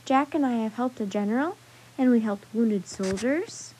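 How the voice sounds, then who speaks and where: A woman's voice: on the high side, moderate pace, mellow, slight background noise, close to an everyday voice, low-quality recording. A woman reading the part of a curious, eager young girl in a storybook.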